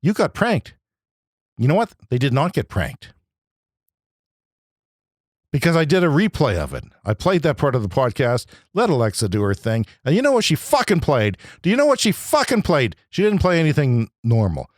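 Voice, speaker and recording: Agitated, ranting man with a lively voice. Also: mid-range voice, normal speed, dry recording, studio quality. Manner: agitated, profane, swings between loud outbursts and muttering. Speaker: podcast host. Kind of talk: ranting comedic monologue.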